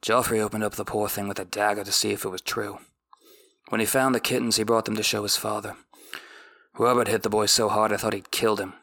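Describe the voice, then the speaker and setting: Give me a grim middle-aged king, quiet and clipped, with a bright creaky edge, as a man reads him. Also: on the low side, flat delivery, fairly quick, no room sound.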